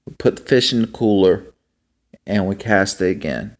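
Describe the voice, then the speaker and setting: A young man vlogging in a casual, rambling monologue, halting with many ums and restarts. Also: sits low. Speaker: homestead vlogger.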